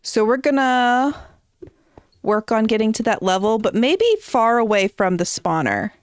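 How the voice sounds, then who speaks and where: A woman's voice: on the high side, animated, a little slow, clean tone, no room sound, studio quality. A woman streamer chatting casually while playing, thinking aloud with hesitant ums. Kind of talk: casual gameplay stream chat.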